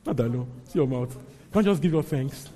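A man's voice: medium pitch, animated, a little fast, dark tone, slight background noise. A man preaching a sermon as pastor, emphatic and often checking in with his congregation. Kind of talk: sermon teaching and prayer.

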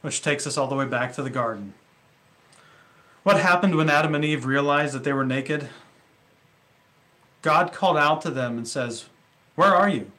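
A man's voice: fairly high pitch, normal speed, pauses often, bright, forceful tone. A male pastor preaching a sermon in a conversational way, with rhetorical questions and casual asides.

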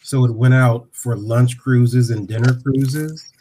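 A man in his sixties from Ohio, a podcast guest telling a story and acting out the dialogue with lively voices. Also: medium pitch, slow, husky. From Dayton, Ohio.

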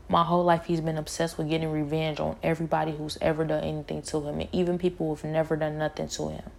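A woman's voice: low voice, gravelly, darkish tone. A woman telling a personal spiritual testimony in an earnest, emotional way, often repeating her words.

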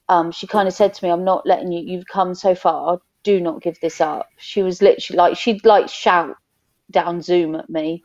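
A woman's voice: medium pitch, darkish tone, highs cut off. A woman in her thirties, chatting openly as a podcast guest and telling stories with laughter. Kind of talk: casual chat.

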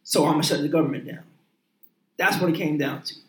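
A man's voice: a little high, a little fast. A man in heated casual chat, profane and emphatic, often repeating and restarting his words. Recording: roomy echoing room.

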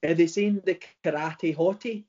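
Glaswegian guy rambling in casual banter, a bit high, dull lo-fi sound. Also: moderate pace, a little mellow. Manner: rambling, bantering, self-interrupting. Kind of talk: casual chat. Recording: dull lo-fi recording.

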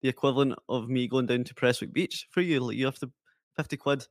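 A man's voice: medium pitch, fast talker, no echo, clean studio sound. A man hosting a podcast, chatting casually and asking questions. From Scotland. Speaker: podcast host. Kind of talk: casual interview chat.

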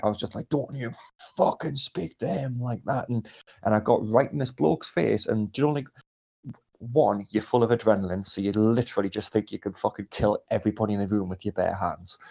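A man's voice: on the low side, quick pace, warm tone. A young man casually telling a rowdy anecdote, swearing a lot and acting out quotes. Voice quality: gravelly, husky. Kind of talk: casual storytelling chat.

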